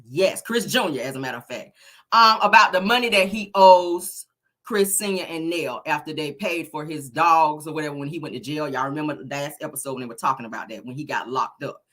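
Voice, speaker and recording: A woman recapping a reality show episode in a sassy, animated, slang-filled way. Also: deep voice, a little fast. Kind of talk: casual chat.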